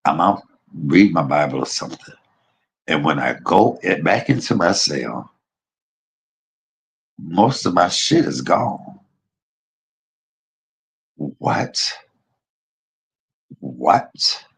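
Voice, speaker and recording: A man casually telling a personal story to his viewers, animated, blunt and profane, laughing at himself as he goes. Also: extremely low pitch, slow, vocal fry, long pauses, husky. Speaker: vlogger.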